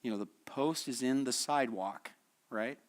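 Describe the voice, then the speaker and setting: In a church hall, a man with a medium-pitched voice teaches a midweek lesson at a normal speed. His style is conversational and story-driven, and he asks the class questions and chuckles often.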